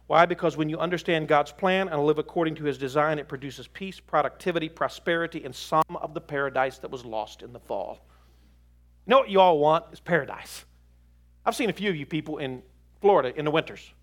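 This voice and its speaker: A middle-aged man preaching a sermon to a live audience, emphatic and animated, with folksy joking asides. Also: a little high, a little fast.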